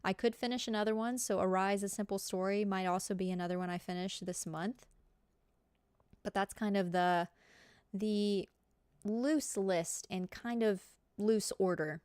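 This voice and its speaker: A woman's voice: mid-range voice, fairly even intonation, measured pace, a little mellow, clean tone, dry recording, clean studio sound. A woman with a Southern US accent, a streamer chatting casually with her live viewers, giggly and full of fillers.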